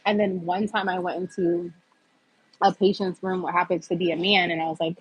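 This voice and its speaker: Speaking a little fast with a breathy edge, a woman in her fifties hosts a casual livestream chat, reading comments aloud. Her voice sits on the low side with a level tone; she's from the US East Coast, candid and chatty, laughing often, though the audio is poor.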